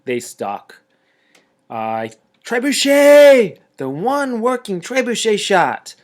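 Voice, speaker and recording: A man narrating a tabletop wargame battle report in a casual, chatty way, with excitable jokey asides. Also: medium pitch.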